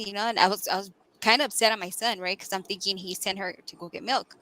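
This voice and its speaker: A woman's voice: medium pitch, fast, poor audio. A woman chatting casually on a live stream, telling a story with lots of "like" and "right?". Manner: animated storyteller, fillers like "right?" and "like". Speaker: guest co-host.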